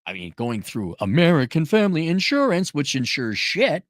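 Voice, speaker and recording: Sarcastic ranting man, lively pitch. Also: moderate pace, no echo, studio quality. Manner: sarcastic, exasperated, mocking. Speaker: commentary vlogger. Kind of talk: ranting commentary.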